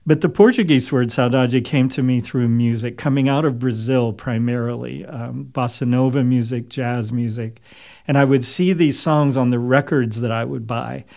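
Male author guest, gravelly voice, reflective and unhurried with pauses. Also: mid-range voice, steady tone, mellow. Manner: thoughtful, measured, many pauses and fillers. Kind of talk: reflective interview talk.

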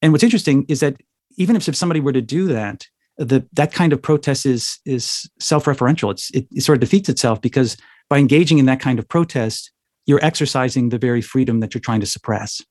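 A man's voice: mid-range voice, quick pace, a little mellow, no echo, studio quality. A man as an interview guest, talking in a thoughtful, lecturing way and often checking in with "right?". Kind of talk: interview answer, explanatory.

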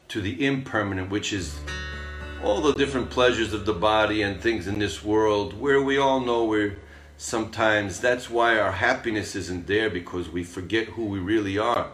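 A man's voice: lowish voice, unhurried, fairly bright tone, faint music behind. A man giving an earnest, rambling spiritual talk and telling a parable. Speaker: spiritual speaker.

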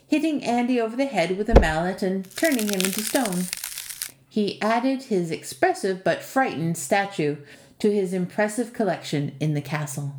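A woman from Canada reading a fantasy tale aloud with lilting, expressive storytelling. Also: medium pitch, normal speed. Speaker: storyteller and podcast author. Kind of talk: scripted fantasy narration. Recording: echoey room.

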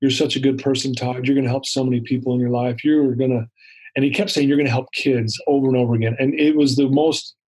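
A man recounting a personal story in an interview, animated and acting out the dialogue. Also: medium pitch, fast talker, slightly rough, low-quality recording. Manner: animated retelling with acted-out dialogue. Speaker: interview guest.

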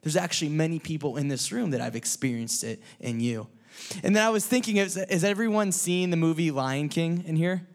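A man with a notably high voice delivers a sermon to a church gathering. He talks casually, jokes with people in the room, and rises into loud, emphatic peaks. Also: a little fast. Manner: animated, joking, builds to loud emphatic peaks. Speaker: church speaker.

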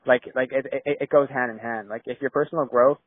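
A man's voice: mid-range voice, fairly even intonation, a little fast, slightly rough, dry recording. A young man from San Diego, a filmmaker guest, talking casually and rambling with lots of "like" and restarts. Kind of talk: casual interview chat. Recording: tinny phone-like line.

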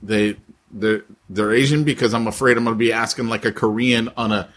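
A man's voice: lowish voice, steady tone, brisk, fairly bright tone. A man co-hosting a podcast, bantering playfully in casual chat. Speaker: podcast co-host.

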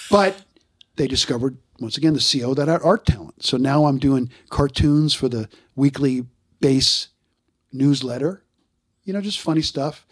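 A man in his sixties, a guest in an interview, telling stories in a casual, animated way and acting out the voices he quotes. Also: medium pitch, moderate pace, slightly rough. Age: 60s.

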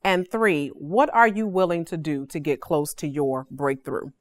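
A woman in her forties hosts a devotional podcast, and her voice sits a little low for a woman. She teaches in a casual, emphatic way, with slangy asides and frequent check-ins. The sound is dry and close, with no room echo. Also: animated, measured pace.

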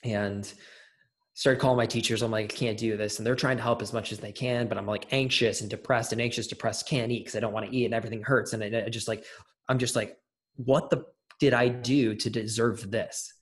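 A man's voice: fairly low pitch, fairly even intonation, fast talker. A young adult man, an interview guest, telling a personal story in casual conversation, with many fillers and restarts.

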